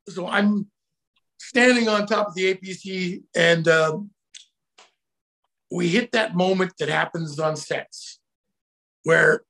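A middle-aged man, a guest telling anecdotes in a casual, animated way, bursting into shouted quotes. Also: sits high. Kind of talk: casual storytelling.

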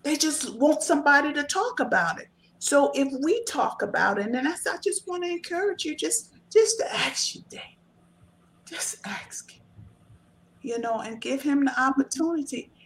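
A woman's voice: high-pitched, animated, moderate pace, slight background noise. A woman talking earnestly and emphatically in a casual discussion, giving encouraging advice. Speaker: author and guest.

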